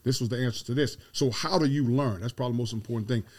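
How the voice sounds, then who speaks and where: Middle-aged coach guy telling stories, emphatic, keeps repeating his points, mid-pitched voice. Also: rapid-fire, a little mellow. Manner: emphatic, repeats key phrases. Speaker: football head coach, guest. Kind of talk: storytelling interview.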